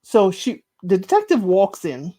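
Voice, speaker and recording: A podcast host with a warm, mid-range voice casually recaps a TV series, unhurried but very animated. She acts out the characters' lines with big swings in her voice.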